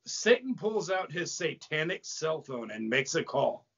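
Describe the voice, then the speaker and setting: A man with a lively, rising and falling voice narrates a comedy horror script with animated storytelling. His tone is gravelly and husky, and it sounds like a dull, lo-fi podcast recording. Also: on the high side, unhurried. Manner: animated storytelling, breaks into laughter.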